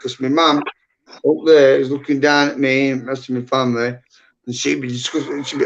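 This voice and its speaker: A man's voice: mid-range voice, flat delivery, a little fast, gravelly, a bit bright. A middle-aged man, rambling bluntly and swearing a lot as a guest in casual livestream chat. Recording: dull lo-fi stream audio.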